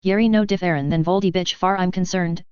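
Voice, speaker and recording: Casting: gruff suspicious werewolf man voiced by a woman, growled clipped speech, dull dry audiobook sound. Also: fairly low pitch, moderate pace, dry recording, natural voice. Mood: hostile. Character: gruff protective male werewolf, rough and suspicious.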